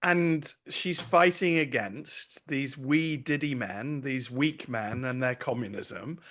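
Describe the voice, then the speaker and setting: A man's voice: mid-range voice, slow, fairly bright tone, a little hiss or hum. Indignant, impassioned male pundit. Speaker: guest commentator. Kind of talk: opinionated panel talk.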